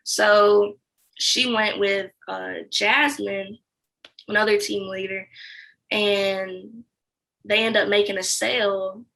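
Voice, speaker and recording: In a low-quality recording, a former sales account manager, a young woman being interviewed, shares her story openly and slowly. Her mid-range voice carries vocal fry, and she brings the quoted dialogue to life as she tells it.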